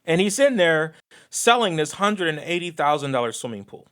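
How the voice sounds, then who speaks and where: Animated man telling stories on a podcast. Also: fairly high pitch, normal speed, clear, resonant tone. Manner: animated storyteller, slips into patois phrasing. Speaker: podcast co-host, designer. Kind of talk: casual podcast chat.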